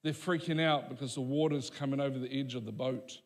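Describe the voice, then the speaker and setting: A man preaching a sermon as pastor, emphatic, with dramatic pauses and voiced quotes. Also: medium pitch, fairly even intonation, big-room sound.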